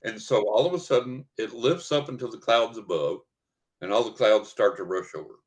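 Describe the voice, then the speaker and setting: An older man with a drawl and a fairly low voice tells a story as a podcast guest. He paints each scene in detail and acts out what people said along the way. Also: moderate pace. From West Texas. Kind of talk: vivid personal storytelling.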